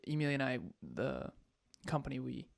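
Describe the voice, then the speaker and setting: Gravelly, animated male podcast host. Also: medium pitch, a little fast, no echo, studio quality. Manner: animated, emphatic, laughs often. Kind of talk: casual podcast chat.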